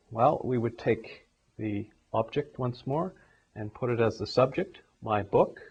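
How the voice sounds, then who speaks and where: A man's voice: medium pitch, a little mellow, husky. A man teaching a grammar lesson, walking through numbered examples one step at a time. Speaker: English teacher. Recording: dull lo-fi recording.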